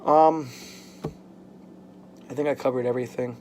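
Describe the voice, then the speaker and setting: A young man talking frankly in a personal vlog at home, halting and full of "like" fillers. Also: medium pitch, fairly even intonation, a little mellow, a little hiss or hum. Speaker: vlogger. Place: home, at a workbench.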